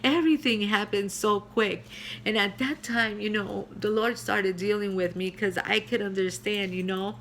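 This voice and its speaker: A middle-aged woman pastor telling her personal testimony in an earnest way, with many pauses and fillers. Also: medium pitch, little pitch movement, fairly bright tone, a little hiss or hum.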